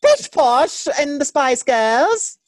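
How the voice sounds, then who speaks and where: A man putting on an exaggerated posh British accent, playing a prim, proper British gentleman. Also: extremely high pitch, sing-song, slow, voice pushed up, exaggerated voice. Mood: haughty playful. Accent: put-on posh British. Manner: plummy, exaggerated and playful.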